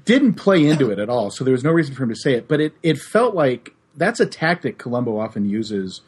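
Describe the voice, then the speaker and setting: A man's voice: medium pitch, sing-song, fairly quick, a little mellow, husky. A man co-hosting a casual podcast, retelling scenes in a dry, wry way. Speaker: podcast co-host. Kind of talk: casual chat.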